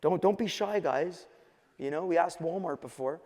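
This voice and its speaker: A man from Quebec giving an energetic keynote talk at a conference, telling his story in punchy short phrases. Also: on the high side, normal speed. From Quebec, Canada. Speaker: conference speaker. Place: large conference hall. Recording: hall reverb.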